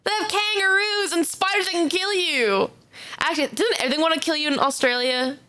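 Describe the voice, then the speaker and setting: A young woman streaming live, chatting casually as she reacts to videos, excitable, laughing often and swearing freely. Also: very high-pitched, a little fast. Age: young adult.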